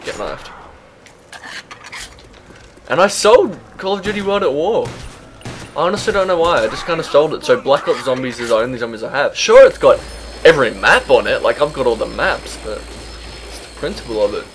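A man's voice: mid-range voice, expressive, a little fast, long pauses, a little hiss or hum. A young man giving casual, chatty gameplay commentary as a YouTuber, swearing freely and laughing at himself. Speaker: gaming YouTuber.

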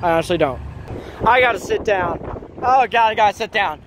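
A man's voice: sits high, expressive, fairly quick, music in the background. A young man filming a train-spotting vlog by the tracks, talking frantically and repeating himself. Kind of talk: excited vlog commentary. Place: outdoors by railway tracks.

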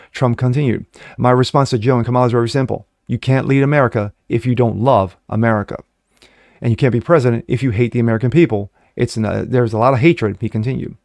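A man's voice: mid-range voice, a little mellow, no echo. Man mocking the news in a dry voice. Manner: mocking asides, frequent fillers and self-corrections. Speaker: online political commentator. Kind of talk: reading news with personal commentary.

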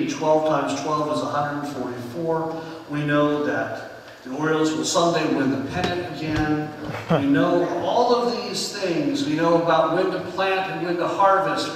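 A fairly high-voiced man preaches in an earnest, storytelling way, his phrase endings sinking into quiet. He sounds distant from the mic, with the long reverb of a big sanctuary around him. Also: slight background noise. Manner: earnest storytelling, dropping softly at phrase ends. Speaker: pastor. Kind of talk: conversational sermon with personal stories. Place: church sanctuary with congregation.

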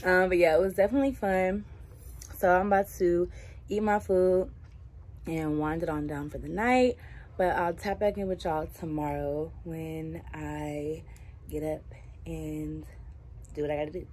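A woman's voice: deep voice, measured pace. A young woman, chatting casually to her phone camera in a slang-filled vlog. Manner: relaxed, chatty, laughs often, lots of slang. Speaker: vlogger.

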